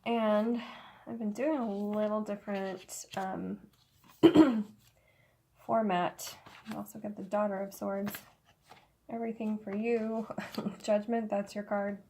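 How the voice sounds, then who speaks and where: A woman giving a casual tarot reading, slightly hoarse, with halting speech full of fillers and soft laughs, in an indoor room. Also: mid-range voice, little pitch movement, a little hiss or hum. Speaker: tarot reader. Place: indoor room with incense smoke.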